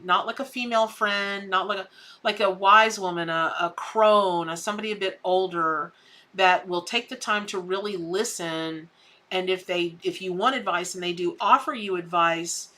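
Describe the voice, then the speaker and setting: Middle-aged Southern woman, bright voice, warm folksy patter as a live-stream tarot reader. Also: lowish voice. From American South. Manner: folksy and effusive, calls viewers honey and baby.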